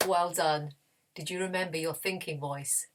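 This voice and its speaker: A woman teaching a children's music lesson, gently and encouragingly, with playful voice demonstrations. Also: low-pitched, fairly even intonation, moderate pace, noisy background. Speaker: primary school music teacher.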